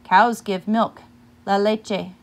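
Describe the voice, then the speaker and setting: A woman reading aloud as a kind, gentle male village teacher who speaks encouragingly and mixes in Spanish words. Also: sits high, fairly even intonation, slow.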